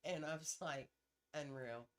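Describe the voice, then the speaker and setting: Middle-aged woman, lowish voice, blunt salty storyteller, casual chat. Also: normal speed, fairly bright tone. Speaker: podcast co-host.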